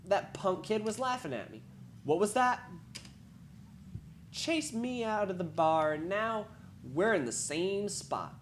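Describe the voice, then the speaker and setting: A woman reading a visual novel aloud, wry, with asides and quick self-corrections. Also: mid-range voice, expressive, slight background noise. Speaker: game reader.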